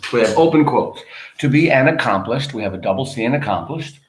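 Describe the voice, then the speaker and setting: A man's voice: medium pitch, expressive, fairly quick. A man teaching a grammar lesson, patiently explaining step by step and asking his students questions. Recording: roomy echo.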